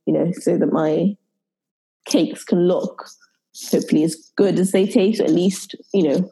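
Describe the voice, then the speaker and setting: A woman's voice: lowish voice, dark tone, slightly rough. A British woman, a baker, talking as a podcast guest in a loose, rambling way, full of fillers and restarts. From United Kingdom. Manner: rambling, filler-heavy, self-correcting. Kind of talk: casual podcast interview.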